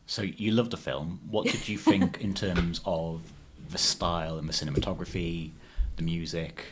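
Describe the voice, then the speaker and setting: A man's voice: low voice, fairly even intonation, moderate pace, a little hiss or hum, low-quality recording. A man who is a guest on a podcast, chatting casually about a film with playful joking asides.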